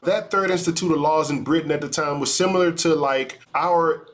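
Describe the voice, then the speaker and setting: A man, an attorney, giving measured, explanatory legal commentary on a video. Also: fairly high pitch.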